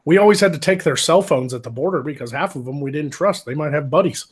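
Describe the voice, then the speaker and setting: A man's voice: on the high side, fast talker, breathy edge. A man chatting casually on a podcast, rambling with lots of swearing and restarts. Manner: rambling, profane, many restarts. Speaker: podcast co-host, military veteran. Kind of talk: casual chat.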